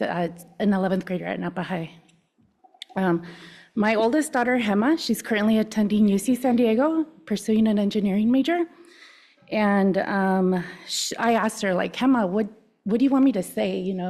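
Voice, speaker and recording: A woman's voice: medium pitch, gravelly, darkish tone. A woman, a parent of three, giving a loose, conversational public comment, with many ums and likes.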